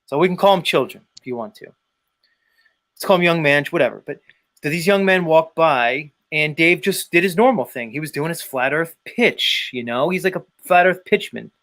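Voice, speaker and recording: A man hosting a live stream, talking casually in an animated, rambling way with frequent swearing. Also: fairly high pitch, normal speed. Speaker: host.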